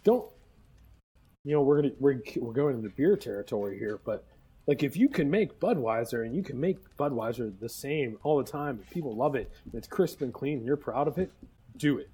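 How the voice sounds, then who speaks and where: A man from Pittsburgh co-hosting a casual podcast, talking in an emphatic, blunt way with quick restarts. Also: medium pitch, animated, warm tone, slightly rough. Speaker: podcast co-host.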